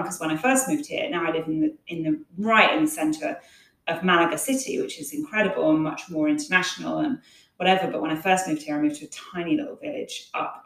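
A woman guest in a casual interview, telling stories in a chatty way with many fillers. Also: sits low. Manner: chatty, storytelling, frequent fillers. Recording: echoey room, distant from mic.

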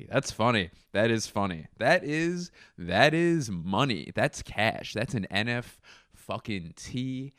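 A man's voice: fairly low pitch, a bit bright, no echo, clean studio sound. A man guest hosting a comedy podcast, riffing goofily in an improvised monologue and laughing at his own jokes. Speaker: guest host.

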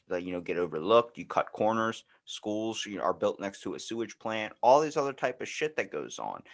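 A man's voice: lowish voice, a bit bright. A man hosting a podcast in casual chat, blunt and free with swearing, acting out past conversations. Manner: blunt, swears freely, acts out quoted exchanges. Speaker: podcast host.

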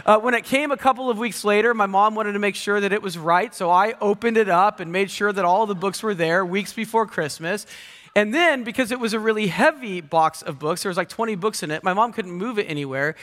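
A man's voice: high voice, a little fast, a bit bright. A man in his thirties, a pastor giving a sermon with playful, self-mocking storytelling. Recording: long hall reverb.

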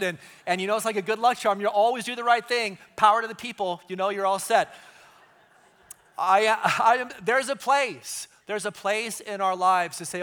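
A man preaching a sermon as pastor, conversational and animated, dropping to hushed tones for emphasis. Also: sits high, moderate pace, clean tone.

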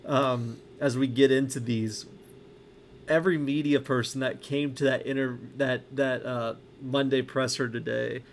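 A man's voice: medium pitch, a little hiss or hum. A man co-hosting a casual sports podcast who laughs easily and often trails off mid-sentence. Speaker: podcast co-host. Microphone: podcast microphone.

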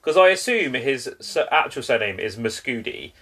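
A man's voice: mid-range voice, big pitch swings, moderate pace, a bit bright, breathy edge. Casual man reviewing films. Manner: conversational, opinionated, swears casually. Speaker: podcast co-host. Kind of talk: casual film review chat.

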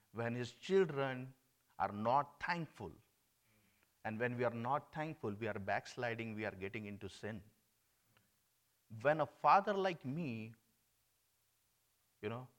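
A man from India, preaching an earnest sermon that swings between emphatic and hushed. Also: medium pitch.

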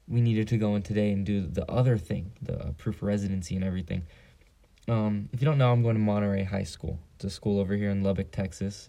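Gravelly, low-voiced teenage boy ranting. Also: warm tone. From San Diego. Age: teens. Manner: profane, joking storytelling. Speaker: podcast host. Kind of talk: casual solo podcast rant.

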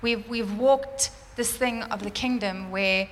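A woman telling a church congregation a personal testimony, animated and fervent, laughing often. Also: on the high side, takes it slowly. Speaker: church speaker sharing a testimony. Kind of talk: sermon testimony. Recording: roomy church hall reverb, faint ambience.

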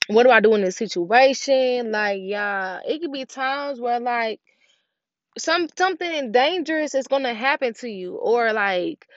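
A woman's voice: on the high side, dry recording. A young woman in her twenties hosting a solo podcast, talking earnestly and conversationally, often checking in with rhetorical asides. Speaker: podcast host. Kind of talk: casual solo podcast talk. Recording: slightly dull lo-fi sound.

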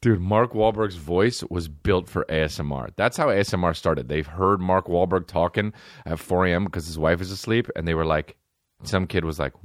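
A man's voice: deep voice, a little fast, no echo. A man hosting a comedy podcast from his home studio, riffing with lots of swearing. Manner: profane, riffing, jumps into silly voices. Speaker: podcast host. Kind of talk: casual comedic chat.

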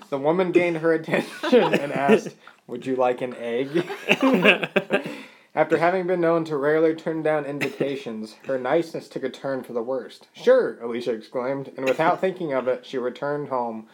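A man co-hosting a podcast, reading a comic story aloud and laughing through it. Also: fairly high pitch. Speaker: podcast co-host.

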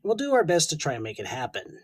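A man's voice: a little high, wildly swooping pitch, fast talker, no room sound, rough recording. A Canadian man co-hosting a podcast, chatting casually, joking and laughing easily. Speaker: podcast co-host.

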